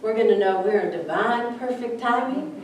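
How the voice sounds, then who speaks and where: A woman minister with a somewhat high, darkish voice gives a chatty, story-filled sermon at normal speed in a church sanctuary, often acting out the voices of the people in her stories. The recording is echoey, with a distant mic and faint background noise.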